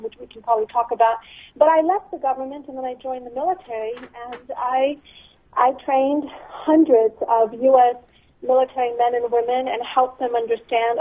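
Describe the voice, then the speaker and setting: Woman guest over a tinny phone line. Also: high voice. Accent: Southern US. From Texas, US. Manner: articulate, composed, measured. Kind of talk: phone interview. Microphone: telephone.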